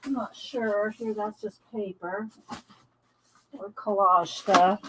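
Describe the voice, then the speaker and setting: A woman's voice: mid-range voice, fairly even intonation, takes it slowly, a little hiss or hum. A woman hosting a casual morning art live stream, chatting, greeting viewers by name and laughing often. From American South. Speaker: art livestream host. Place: home studio with windows open.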